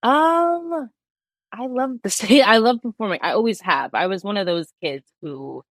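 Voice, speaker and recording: A young woman, a Broadway performer with a Bronx New York accent, chats casually as a podcast guest and laughs often. Her medium-pitched voice is expressive at a normal speed, on a dry recording.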